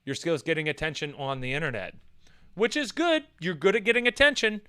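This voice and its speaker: Casting: excitable guy streaming a rant, high lively voice, bright and crisp, swears constantly. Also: brisk. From United States. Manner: animated, swears a lot, mocks with put-on voices. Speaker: streamer reacting to a list and chat. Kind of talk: profane casual rant reading chat.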